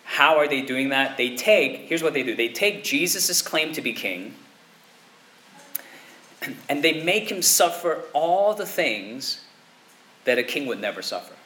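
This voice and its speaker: A man preaching a sermon in a conversational way, often checking in with his listeners with a quick "okay?" or "right?". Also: a little high, animated, sharp tone. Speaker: pastor.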